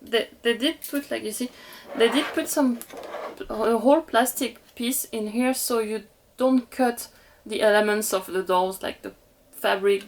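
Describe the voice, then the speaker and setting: Woman, French accent, slow unhurried talk, slightly high voice, giggly and gushing unboxing chat. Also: background noise. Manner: gushing, giggly, talks to viewers. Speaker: doll collector vlogger.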